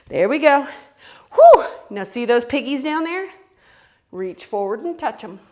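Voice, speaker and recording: A woman's voice: fairly high pitch, darkish tone. A middle-aged woman teaching a playful, encouraging yoga class for kids, calling out each movement. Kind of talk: kids' yoga class instruction.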